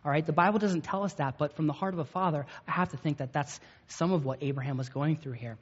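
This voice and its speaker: A man's voice: on the high side, quick pace, husky. Conversational male pastor in an echoey hall. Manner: conversational, storytelling, checks in with the audience. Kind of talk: sermon. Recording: echoey hall, dull lo-fi sound.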